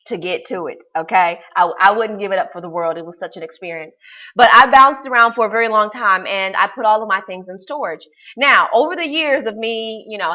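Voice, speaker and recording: A woman's voice: mid-range voice, lo-fi sound. A woman life coach telling a personal story to her class in a casual, emphatic way, repeating words for stress and using slang.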